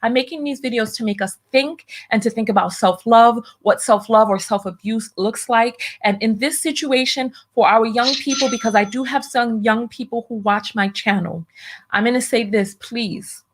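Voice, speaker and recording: A woman's voice: on the high side, normal speed. A woman hosting a livestream commentary show. She talks bluntly and emphatically, repeats phrases for weight, and reads viewer donations aloud between her own remarks. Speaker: host of a commentary channel.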